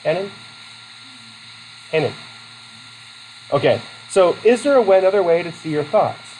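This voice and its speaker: A man's voice: high-pitched, expressive, a little fast, darkish tone, a little hiss or hum, rough recording. A man from Vermont teaching a college class, chatty and self-deprecating, with many fillers and restarts as he takes student questions. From Vermont, USA. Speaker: college instructor.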